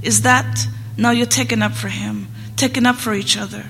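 Woman doing a desperate shopkeeper guy, loud and sharp, gravelly edge, long hall echo. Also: mid-range voice, fairly even intonation, moderate pace, lightly acted. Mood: accusing. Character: anguished middle-aged male shopkeeper. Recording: long hall reverb, faint noise.

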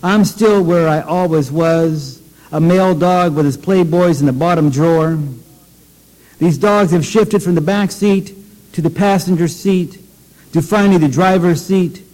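High-voiced man reading poems in a hall. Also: measured pace, darkish tone. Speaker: poet. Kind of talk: poetry reading. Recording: long hall reverb.

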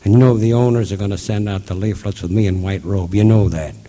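A man voicing a gruff Southern working man, a former Klan leader, in blunt, rising exclamations. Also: fairly low pitch, fairly even intonation, fast talker, mellow, lightly acted. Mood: defiant.

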